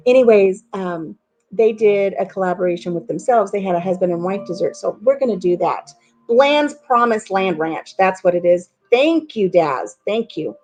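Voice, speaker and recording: A woman's voice: mid-range voice, warm tone. A middle-aged woman hosting a casual live chat with viewers, a chatty storyteller who laughs at herself. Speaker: channel host.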